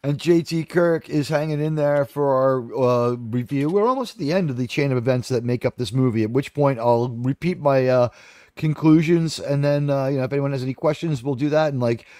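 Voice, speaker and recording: A man's voice: mid-range voice, a little fast, a little mellow, no echo, clean studio sound. A man giving a casual, rambling film review, profane and full of fillers. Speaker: movie reviewer.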